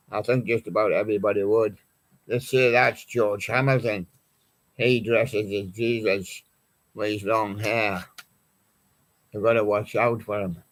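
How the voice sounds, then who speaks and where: Slow, rambling male live-stream host. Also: on the low side. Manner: rambling, chatty, reads out song titles. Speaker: host of a live music show. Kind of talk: live-stream chat presenting records.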